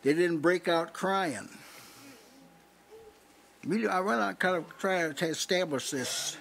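A man preaching in a relaxed teaching style at a small house church, often checking in with "see?" and restarting his sentences. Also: sits high, slow pace, vocal fry, a little hiss or hum. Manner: conversational teaching, frequent "see?" asides and restarts. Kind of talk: sermon.

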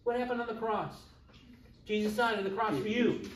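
A man's voice: sits high, moderate pace. A middle-aged man teaching a church confirmation class in a chatty way, joking with his students. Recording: echoey room, far from the mic.

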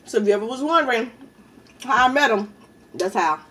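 A woman's voice: fairly high pitch, animated, a little fast, fairly bright tone, far from the mic. A woman hosting a mukbang video at home, chatting in slang between bites and laughing often. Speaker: YouTube mukbang host. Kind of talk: casual eating-show chat.

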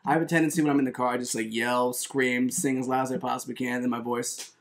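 A young man hosting his own video, chatting casually with a friend in an animated, self-mocking way. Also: medium pitch, fast talker. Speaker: YouTuber host. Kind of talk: casual chat.

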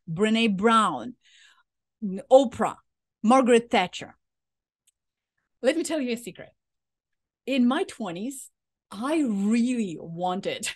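A woman speaking coach in her thirties giving a motivational talk, enthusiastic and expressive with emphatic swings in delivery. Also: medium pitch. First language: Ukrainian.

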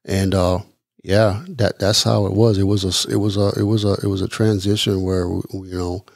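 A middle-aged man from the Midwest of the United States, telling his personal story as a podcast guest in an earnest, halting way, repeating words as he goes. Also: low voice, little pitch movement, creaky, a little mellow, no room sound, studio quality. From East Chicago, Indiana. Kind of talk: personal testimony interview.

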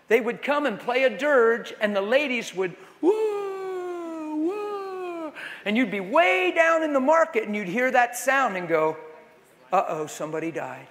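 A man preaching a sermon to a live audience, telling stories with lively acted-out voices and cries. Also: very high voice, normal speed, few pauses. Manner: animated storytelling, acting out voices and wailing. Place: large hall with audience. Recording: long hall reverb.

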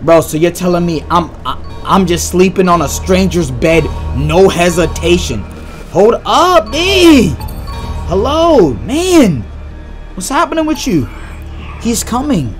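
A young man giving excitable, slang-heavy let's-play commentary on a horror game and reacting loudly to scares. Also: sits high, slow pace, faint music behind. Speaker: gaming YouTuber.

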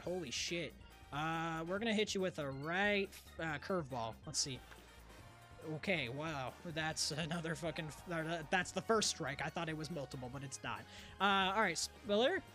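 A woman's voice: mid-range voice, a bit bright. A woman streamer swearing and muttering at a baseball video game as she plays, exasperated and a bit out of breath. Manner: profane, exasperated, talks to the game. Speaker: gaming streamer. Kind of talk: casual gameplay commentary.

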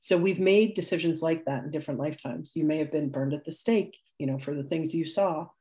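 A woman's voice: sits low, a little fast, dark tone. A woman in her sixties, a spiritual teacher giving a live class demonstration, chatty and rambling, laughing often and correcting herself as she tells stories.

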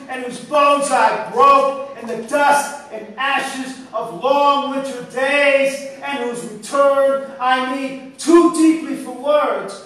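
A man reading his poetry aloud at a live event, in a measured, solemn, unhurried way. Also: very high-pitched, sharp tone. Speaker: poet reading his work. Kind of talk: spoken-word poetry reading. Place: indoor live venue. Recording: echoey room, distant mic, faint hiss.

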